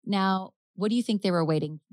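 A woman hosting a podcast, casually telling a true-crime case, chatty and quick to laugh as she acts out quotes. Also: medium pitch, no echo. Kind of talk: casual storytelling chat.

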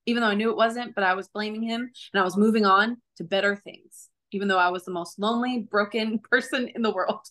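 A young woman shares her testimony in a mid-pitched voice. She speaks earnestly, animates the voices of people in her story, and laughs easily between thoughts. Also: fairly even intonation, fast, few pauses, fairly bright tone. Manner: earnest, laughs often, acts out quoted voices. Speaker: guest sharing her testimony. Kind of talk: conversational faith testimony.

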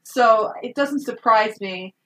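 A woman's voice: fairly high pitch, slow pace, fairly bright tone, recorded from a distance. Sarcastic woman recapping a movie. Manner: sarcastic, swears freely, laughs often. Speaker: podcast co-host. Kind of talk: casual movie recap chat.

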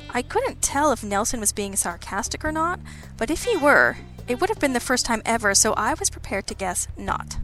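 A woman's voice: a little high, big pitch swings, normal speed, a bit bright, soft background music. Wry woman narrating a detective story. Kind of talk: scripted audiobook narration.

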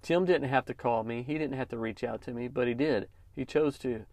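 A man's voice: mid-range voice, brisk, darkish tone, no echo. A man telling a story on his podcast in a casual, encouraging way and calling listeners "man.". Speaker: podcast host, lawn care business owner. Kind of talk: casual motivational podcast talk.

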